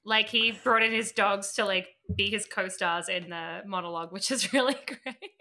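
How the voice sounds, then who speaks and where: A woman's voice: medium pitch, moderate pace, gravelly, bright, forceful tone. An Australian woman hosting a casual podcast interview, chatty with plenty of "like" and laughter. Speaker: podcast host.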